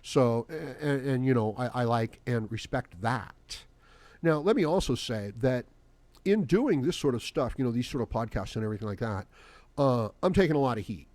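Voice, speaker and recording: Male solo podcaster with a middle pitch, rambling and swearing, recorded dry and close. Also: animated, moderate pace, darkish tone, no room sound. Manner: rambling and profane, full of "you know" fillers. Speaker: podcast host.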